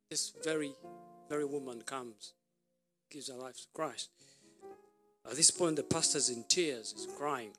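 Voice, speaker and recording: Male preacher, storytelling sermon, halting restarts, faint music behind. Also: a little high, a bit bright. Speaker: pastor.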